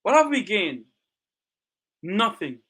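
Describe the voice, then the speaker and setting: A man's voice: sits high, big pitch swings, takes it slowly, pushed and bright. A Jamaican man hosting a talk show, speaking with passion and asking rhetorical questions, close to tears. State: near tears. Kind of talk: emotional talk show monologue.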